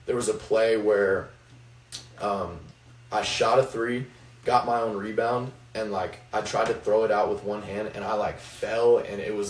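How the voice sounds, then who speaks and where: A man's voice: lowish voice, steady tone, measured pace. A young man, a college basketball player, reflectively telling a faith story with many fillers. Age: young adult. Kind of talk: faith-focused podcast chat. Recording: roomy, distant mic, faint noise.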